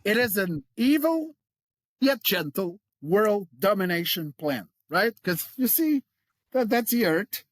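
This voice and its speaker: Here a middle-aged man, a creature voice coach guesting on an interview, explains his technique slowly, full of easy enthusiasm and quick to laugh. His pitch sits a little high and swings dramatically. The audio is close-miked and dry, free of any room reverb.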